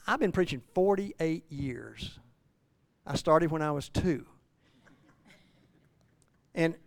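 A man in his sixties preaching a folksy sermon full of restarts and self-deprecating asides, rising loud and high when he voices a struggling believer. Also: creaky, no echo. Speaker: pastor.

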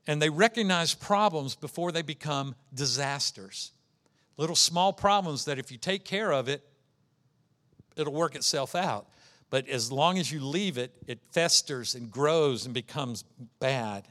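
A man's voice: mid-range voice, lively intonation, a little slow, fairly bright tone. A man preaching an earnest sermon as pastor, acting out the voices he quotes.

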